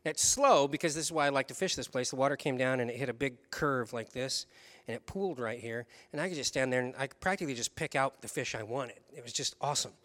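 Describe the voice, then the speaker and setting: Man preaching with animated storytelling. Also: medium pitch, fast talker, few pauses. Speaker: pastor. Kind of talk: sermon with personal story.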